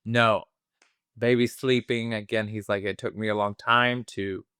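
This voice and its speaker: A man's voice: lowish voice, steady tone, measured pace, sharp tone, clear, resonant tone, dry recording, studio quality. A man co-hosting a film review podcast, casually retelling a plot in a rambling way, full of fillers and acted-out quotes. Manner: rambling, many fillers and restarts, acts out quotes.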